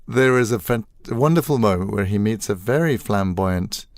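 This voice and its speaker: An older man, a voice actor guest telling animated stories in a casual interview and acting out quoted lines. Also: on the low side, moderate pace, no room sound. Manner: animated storyteller, acts out quoted lines, laughs often.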